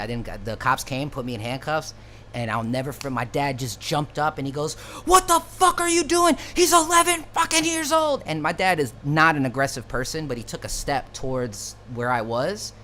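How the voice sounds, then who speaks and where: A man's voice: medium pitch, fairly even intonation, moderate pace, fairly bright tone, slight background noise. A man telling a personal story in a loose, profane, slangy way, with frequent restarts. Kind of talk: casual storytelling.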